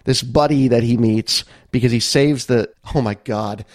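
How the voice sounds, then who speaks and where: A man's voice: medium pitch, normal speed, dry recording, studio quality. A man co-hosting a casual movie review podcast, wry and rambling, laughing at the film's flaws. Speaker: podcast co-host.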